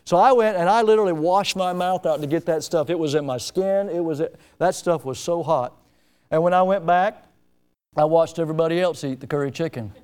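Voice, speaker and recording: A man preaching a sermon as pastor, telling stories and acting out scenes with lively emphasis. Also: fairly high pitch, brisk, clean tone. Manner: storytelling preacher, animated, acts out scenes.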